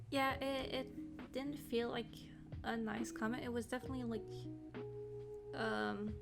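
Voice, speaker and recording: A woman's voice: fairly high pitch, fairly even intonation, creaky, music in the background. A woman guest chatting casually about a series, speaking hesitantly with fillers. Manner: slow, hesitant, laughs easily. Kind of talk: casual video discussion.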